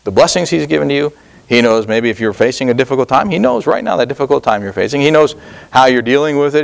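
A middle-aged man preaching a sermon in an earnest, halting way, repeating words and pausing often. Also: mid-range voice, gravelly. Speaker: pastor.

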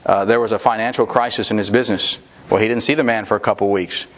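A man's voice: fairly low pitch, fairly even intonation, fast talker, fairly bright tone. A man preaching a sermon in a conversational way, with asides and restarts. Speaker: pastor.

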